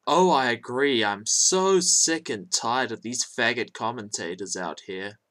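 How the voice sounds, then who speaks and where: A man's voice: medium pitch, unhurried, fairly bright tone. Sarcastic man doing a commentary. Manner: sarcastic, mocking, profane. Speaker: YouTube commentator.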